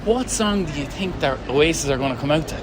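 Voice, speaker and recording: A man's voice: on the high side, lively intonation, fairly quick. Tipsy, jokey Irish man. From Ireland. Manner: jokey storyteller, swears freely. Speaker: interviewee, fan. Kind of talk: casual chat. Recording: noisy street recording.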